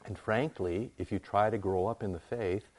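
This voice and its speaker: A man's voice: on the low side, moderate pace, darkish tone, husky. A male pastor preaching a sermon in a conversational way, building to emphatic repeated phrases.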